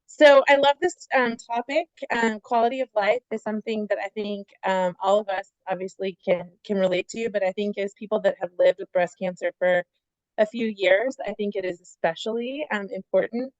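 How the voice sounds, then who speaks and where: Friendly nurse speaker, dull dry audio. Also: female voice, medium pitch, steady tone, normal speed, dry recording. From Atlanta. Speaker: guest speaker, oncology nurse. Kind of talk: informal presentation.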